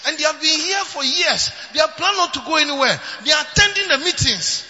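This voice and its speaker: A man preaching a sermon, moving between loud shouting and quieter storytelling. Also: very high-pitched, lively intonation, brisk, big-room sound. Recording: dull lo-fi recording.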